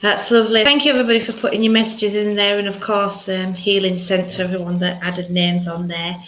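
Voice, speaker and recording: A woman with a South Yorkshire accent leading prayers and hosting an online church service, measured and reverent in prayer, chatty in between. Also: medium pitch, flat delivery, fairly bright tone, a little hiss or hum. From South Yorkshire, England. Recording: roomy, dull lo-fi video call audio.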